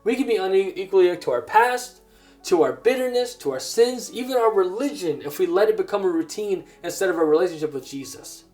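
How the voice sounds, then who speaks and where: A grown man delivers a personal testimony sermon in an earnest, halting way, circling back and restarting his phrases. His voice sits a little higher than most men's. Soft music plays faintly underneath. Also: animated. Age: adult. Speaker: preacher.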